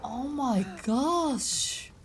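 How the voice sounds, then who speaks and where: Excitable woman streamer reacting to gameplay. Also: sits high, extremely slow, over music. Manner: excitable reactions, switching between Japanese and English. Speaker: game streamer. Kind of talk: live gameplay commentary.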